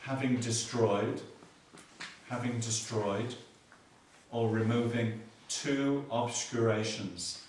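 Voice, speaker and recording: A man's voice: mid-range voice, fairly even intonation, a little mellow, slight background noise. Male Buddhist teacher, patient and repetitive with dry jokes, recorded far off in a very echoey hall. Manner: explains slowly, repeats key words, dry humor. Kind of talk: dharma teaching. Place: meditation hall.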